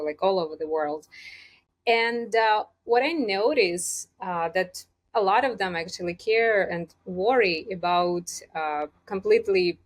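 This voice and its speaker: Chatty woman coach with a lilt. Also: lowish voice. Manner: chatty, laughs often, frequent fillers. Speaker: communication coach. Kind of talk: casual interview conversation.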